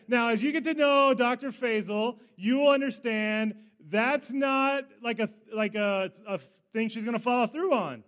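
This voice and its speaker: Middle-aged male pastor with a fairly high voice, mid-sermon, animated storyteller with quick asides.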